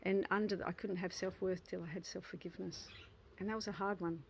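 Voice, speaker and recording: On her own channel, a woman in her 50s delivers a casual motivational vlog about self-worth, sincere and heartfelt, with frequent restarts and soft laughter. Her voice is fairly low and fairly even, quick-paced with vocal fry, and the rough recording carries a little hiss or hum.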